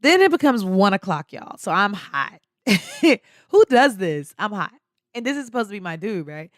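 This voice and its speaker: A woman hosting a podcast, telling a personal story in an animated, slangy way and laughing often. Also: mid-range voice, moderate pace, no echo, clean studio sound. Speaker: podcast host. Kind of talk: casual storytelling.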